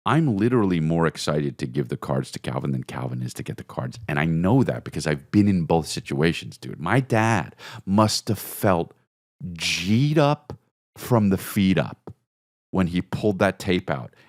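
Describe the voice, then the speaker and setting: A man, telling a rambling comedic story on his podcast. His voice is very deep, yet it leaps around with big, lively jumps. He swears freely, keeps calling the listener "dude," and breaks into high-pitched bursts as he acts out bits of the story, all recorded close and dry. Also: normal speed, no echo. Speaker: podcast host. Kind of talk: casual comedic monologue.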